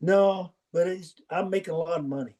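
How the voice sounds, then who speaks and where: A man's voice: sits high, moderate pace, mellow. An older man, a football coach as podcast guest, telling folksy anecdotes and acting out the dialogue in them. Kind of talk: storytelling interview.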